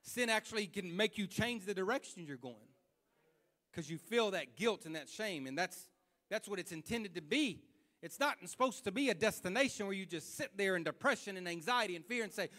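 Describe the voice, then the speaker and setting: Male preacher, very high and bright, folksy and fervent, repeats himself and swells in volume. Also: animated, a little fast. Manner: impassioned, repetitive preaching that builds to loud fervor; colloquial, with slips and restarts. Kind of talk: sermon.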